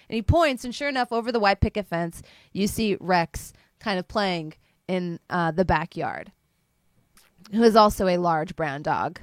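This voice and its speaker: A woman's voice: medium pitch, measured pace, no echo, clean studio sound. A woman running a tabletop game as game master, narrating playfully and laughing along with her players.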